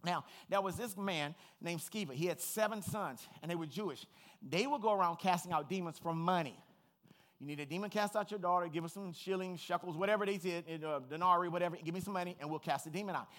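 A man's voice: sits high, fast talker. A male pastor preaching an emphatic sermon, repeating phrases and building to fervent peaks. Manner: emphatic, repeats phrases, rises to shouting fervor.

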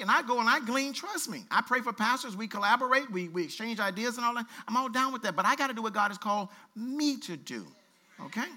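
High, bright-voiced man preaching. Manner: animated preaching, reads scripture aloud with asides and playful voices; colloquial, preacherly exhortation. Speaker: pastor. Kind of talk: sermon.

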